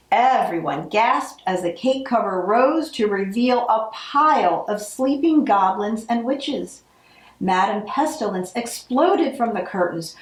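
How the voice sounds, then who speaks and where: A woman reading a holiday picture book aloud, with expressive narration. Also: on the high side, measured pace, reverberant, poor audio. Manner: expressive, acts out the characters. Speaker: storybook reader.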